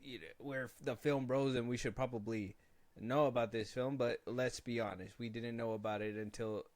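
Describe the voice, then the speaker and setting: A man hosting a film podcast, talking casually in a middle-pitched voice. He jokes and rambles, restarting his sentences as he goes. The sound is dry and close to the mic. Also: fairly even intonation, normal speed, darkish tone, dry recording. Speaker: podcast host.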